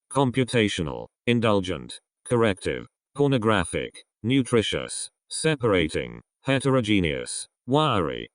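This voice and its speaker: A man reading out an English vocabulary list one word at a time, in a slow, measured way with falling ends. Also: low-pitched, no echo, clean studio sound. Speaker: vocabulary reader. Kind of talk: word list read aloud.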